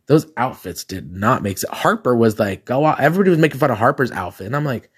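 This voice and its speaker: A man with a raspy voice talks casually on his solo podcast. He chats like a drag queen, animated and sassy, trading gossip and laughing between thoughts. His pitch sits in the middle of the range. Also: quick pace. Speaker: podcast host.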